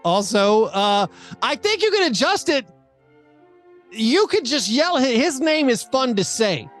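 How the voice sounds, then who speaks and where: A man's voice: very high voice, sing-song, measured pace, a bit bright, faint music behind. A man hosting a podcast in casual chat, rambling along with many fillers and restarts. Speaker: podcast host.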